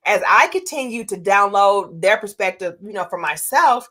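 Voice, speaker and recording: A woman public speaker, appearing as a podcast guest, chats in a casual interview with an earnest, encouraging manner and lots of filler words. Her mid-range voice is expressive and a bit bright, moving at a moderate pace.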